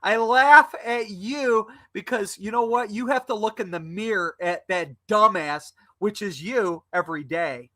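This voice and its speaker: A man guesting on a live stream rages at a troll during a video call, repeating his insults. His high-sitting voice has a sharp tone, and he talks unhurriedly with few pauses.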